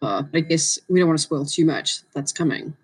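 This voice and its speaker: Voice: mid-range voice, lively intonation, normal speed, slightly rough, dry recording. A podcast co-host in casual chat, musing tentatively and hedging ideas.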